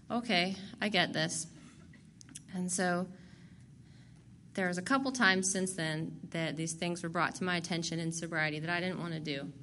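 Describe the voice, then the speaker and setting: A woman's voice: mid-range voice, fairly bright tone, a little hiss or hum. Blunt, profane woman telling her story. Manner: blunt and profane, laughs at herself. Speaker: speaker sharing recovery story. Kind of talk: candid personal testimony.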